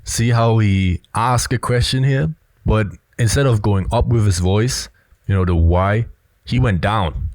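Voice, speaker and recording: A man's voice: on the low side, unhurried, a little mellow, no echo. A man giving blunt, assertive casual commentary on a film clip, often filling with "you know". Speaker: body language commentator.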